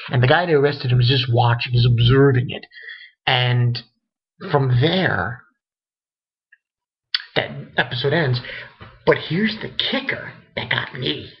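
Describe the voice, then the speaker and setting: A husky, medium-pitched man talks at a measured pace, leaving long pauses as he casually recaps an anime episode. As a reviewer he rambles loosely, swears heavily, and uses lots of fillers; the audio is dull and lo-fi.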